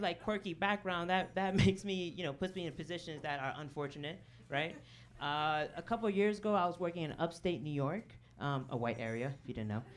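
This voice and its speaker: Speaking with a fairly low pitch, a female comedian works a comedy club crowd during her stand-up set, dropping "okay?" and "right?" asides and often laughing at her own jokes. She uses a handheld stage mic, and audience laughter plus slight background noise fill the recording.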